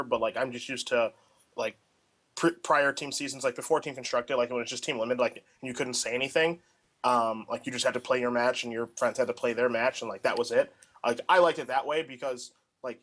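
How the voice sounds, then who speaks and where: A man's voice: medium pitch, fairly bright tone. A young man co-hosting a casual chat, telling rambling anecdotes packed with filler words. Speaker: podcast co-host.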